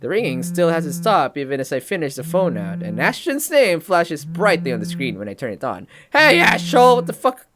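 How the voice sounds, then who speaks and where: Animated man narrating a story game. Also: a little high, fairly quick, hardly any pauses, music in the background. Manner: animated reading, breaks off for joking comments. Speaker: let's play host. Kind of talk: reading a story game aloud with asides.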